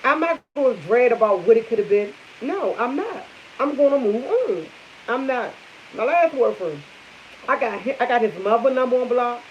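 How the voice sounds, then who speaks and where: Young woman vlogger, slightly high, blunt and emphatic; muffled lo-fi audio. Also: expressive, moderate pace, a little hiss or hum. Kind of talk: casual chat to camera. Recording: dull lo-fi audio.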